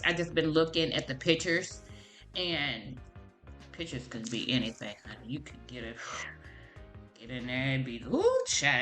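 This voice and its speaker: Chatty low-voiced woman vlogger. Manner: chatty, talks straight to viewers as "y'all"; animated exclamations. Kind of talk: casual storytelling to the camera.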